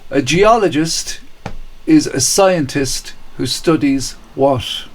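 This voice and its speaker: A man's voice: a little high, takes it slowly. A man hosting a live-streamed kids' quiz, reading out questions and answers with chatty, jokey asides. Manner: chatty, cheerful, jokey asides to young viewers. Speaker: quiz host.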